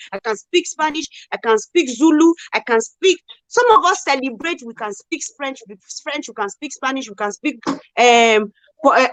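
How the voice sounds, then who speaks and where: A woman talks in a casual live chat, pressing her points with rhetorical questions. Her voice sits fairly high. The sound is close and dry, with no room around it. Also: dry recording. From Nigeria. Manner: emphatic, animated, rhetorical questions. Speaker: co-host.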